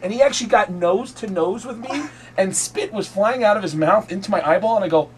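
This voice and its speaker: A man's voice: high voice, expressive, brisk, very noisy. Chatty comedian man spinning yarns. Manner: chatty, breezy storyteller with frequent fillers. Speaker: comedian guest. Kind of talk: telling stories in a radio interview.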